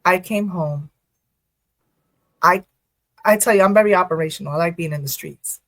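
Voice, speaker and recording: A woman in a casual interview, a first responder and poet who tells her stories with quick asides and frequent laughter. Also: lowish voice, no echo. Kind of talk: casual podcast interview talk.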